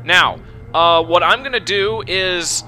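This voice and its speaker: A young man commentating his own video game run, swinging between frustrated shouting and swearing and calm explanations of tactics. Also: sits high, takes it slowly, a little hiss or hum. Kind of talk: let's play commentary.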